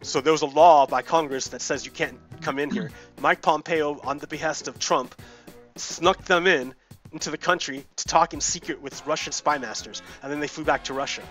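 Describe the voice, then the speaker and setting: Let's-play host, male, slightly high voice, heated and repetitive casual rant with swearing. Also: fairly even intonation, normal speed, fairly bright tone, soft background music. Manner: heated, profane, repeats himself. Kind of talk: casual political rant while gaming.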